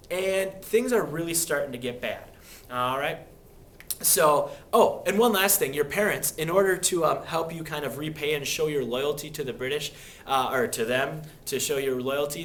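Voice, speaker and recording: A young man teaching history in a casual, animated way, acting out quoted people with sudden voice changes. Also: fairly high pitch. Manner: animated, acts out quoted speakers. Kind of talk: classroom history lecture.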